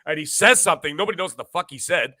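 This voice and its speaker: A man in his thirties co-hosting a gaming chat, animated and profane, acting out quotes as he tells a story. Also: fairly high pitch, very fast, no room sound. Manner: animated storyteller, swears a lot, acts out quotes. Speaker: co-host.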